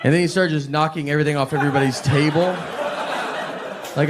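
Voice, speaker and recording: Deadpan middle-aged comic on a live stage, noisy crowd audible behind him. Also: male voice, on the high side, quick pace. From Tennessee, USA. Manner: deadpan, rambling storytelling. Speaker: stand-up comedian. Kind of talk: stand-up comedy set. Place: comedy stage with live audience. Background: audience laughter.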